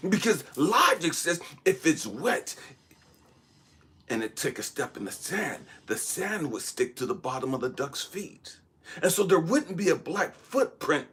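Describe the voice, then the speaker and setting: Man, husky and breathy, slightly higher voice, animated dream storyteller, conversational, drops to hushed tones and rises to loud bursts. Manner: animated, dramatic retelling with sudden loud and hushed stretches; conversational, often asks "you know what I mean". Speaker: channel host.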